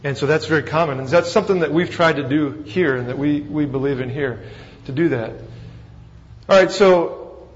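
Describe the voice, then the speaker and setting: A man's voice: a little high, steady tone, brisk. Man, Texan accent, pastor teaching a sermon, folksy and self-deprecating, muffled sound, long hall echo. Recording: dull recording with long hall reverb.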